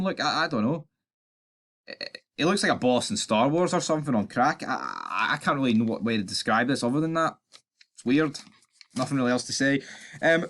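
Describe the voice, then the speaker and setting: A man's voice: medium pitch, fairly bright tone. A young man with a Scottish accent hosts his own channel, ranting his opinions in a blunt, sarcastic, sweary way and often stumbling over his words. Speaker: YouTube channel host.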